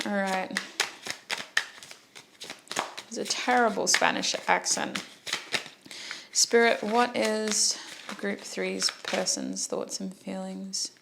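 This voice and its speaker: A woman's voice: mid-range voice, gravelly, noisy background. A woman giving a casual tarot reading, chatty and joking, breaking off to apologize and correct herself. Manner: chatty, jokey, self-interrupting. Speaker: tarot reader.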